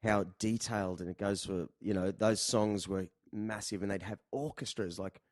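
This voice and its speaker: A man's voice: on the low side, steady tone, normal speed, a little mellow, no echo, clean studio sound. A man hosting a casual chat over beers, rambling loosely and swearing now and then. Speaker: podcast host. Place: indoors, relaxed room.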